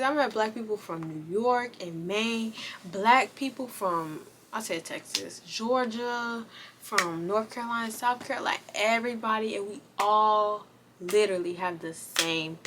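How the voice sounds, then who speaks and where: A woman's voice: mid-range voice, a bit bright, a little hiss or hum. A young woman reviewing a movie in casual, slangy chat, talking straight to her viewers. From United States.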